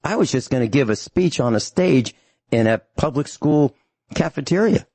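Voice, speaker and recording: A man's voice: medium pitch, animated, moderate pace, warm tone, breathy edge, dry recording. A man hosting a talk radio show, ranting angrily and emphatically to his listeners.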